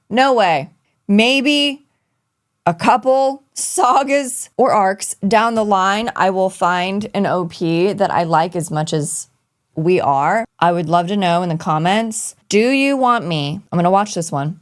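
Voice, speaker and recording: A woman's voice: mid-range voice, expressive, unhurried. Bubbly woman chatting to her viewers. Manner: bubbly and chatty, trailing into asides. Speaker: anime reaction YouTuber. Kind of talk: casual chat to camera.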